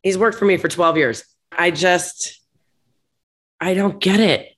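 A woman's voice: on the low side, slow pace, fairly bright tone, breathy edge. A woman who owns a restaurant, talking bluntly and emphatically as a guest in a candid interview. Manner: blunt, emphatic, gets heated and laughs it off. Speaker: restaurant owner, podcast guest.

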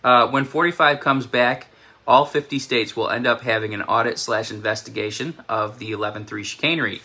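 Bright-voiced New York man, chatty and rambling. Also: mid-range voice. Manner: chatty, rambling, laughs at himself. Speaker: self-described prophetic channel host. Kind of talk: casual spoken prophecy update.

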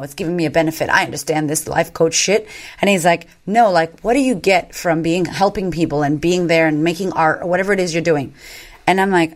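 A woman's voice: lowish voice, quick pace. A woman in her thirties telling stories candidly as a podcast guest, swearing freely and acting out what people said. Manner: animated, swears freely, acts out quotes. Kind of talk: candid conversational storytelling.

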